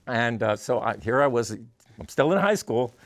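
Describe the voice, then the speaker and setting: A man who is a guest musician, telling stories in an interview in an animated way. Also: medium pitch, moderate pace, a little hiss or hum. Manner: animated, acts out voices in his stories. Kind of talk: storytelling in an interview.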